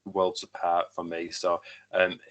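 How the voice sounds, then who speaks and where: A man interviewing a guest, asking thoughtful, measured questions. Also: sits low, completely flat delivery, a bit bright.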